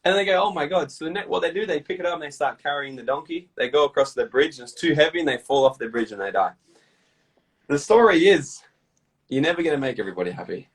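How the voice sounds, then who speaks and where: A man being interviewed, talking bluntly with lots of swearing and lively storytelling. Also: on the high side, fast, husky, distant mic, low-quality recording. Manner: blunt, profane, animated storytelling. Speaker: guest. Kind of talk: casual interview chat.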